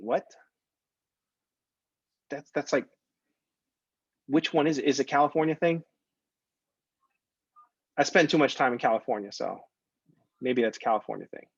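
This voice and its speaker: A male math instructor gives a recorded lecture in a casual, conversational style, wandering off topic and joking. His mid-pitched voice is slightly rough, and the recording is dry and a little dull, without room sound or echo.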